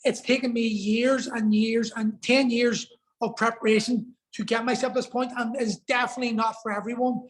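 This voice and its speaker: A man's voice: very high voice, little pitch movement, normal speed, low-quality recording. A man telling a personal story as a podcast guest, earnest and emotional, swearing for emphasis.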